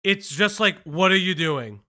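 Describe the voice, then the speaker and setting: A man's voice: sits high, expressive, measured pace, pushed and bright. A man co-hosting a live reaction stream, mock-sarcastic and teasing. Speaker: stream co-host.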